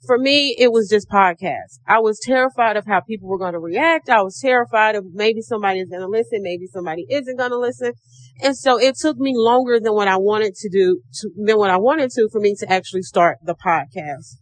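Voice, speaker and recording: Croaky-voiced woman podcast host. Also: fairly quick, dry recording. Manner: encouraging, calls listeners baby and sis; acts out her own thoughts in a higher voice. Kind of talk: casual motivational podcast talk.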